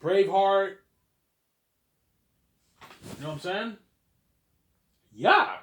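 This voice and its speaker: A man with a slightly high voice talks casually to his viewers and keeps throwing rhetorical questions at them. His voice rings in a roomy, echoey space. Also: animated, drawn-out words, fairly bright tone. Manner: chatty, addresses viewers, asks rhetorical questions. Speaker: vlogger. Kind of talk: casual opinion monologue. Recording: roomy echo.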